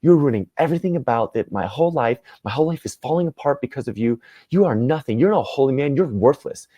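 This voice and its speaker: A man's voice: fairly low pitch, normal speed, darkish tone, no echo, natural voice. A man acting out an enraged husband confronting a teacher, ranting and accusing. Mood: furious.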